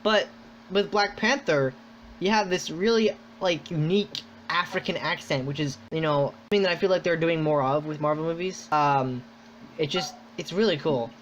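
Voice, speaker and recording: A man hosting a podcast in casual chat, rambling and excitable, full of "like". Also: a little high, normal speed, slight background noise. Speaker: podcast host. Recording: dull lo-fi sound.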